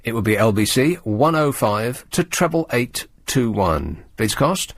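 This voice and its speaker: A male radio presenter in a studio, talking in a sardonic, rambling way with animated emphasis. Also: mid-range voice, a little slow. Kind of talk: late-night radio talk. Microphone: studio microphone.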